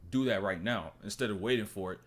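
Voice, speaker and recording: A man's voice: lowish voice, fast, a bit bright. A man reacting to a podcast clip in a casual, thoughtful, rambling way, his voice dropping off at the ends of his thoughts. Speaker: reaction video host.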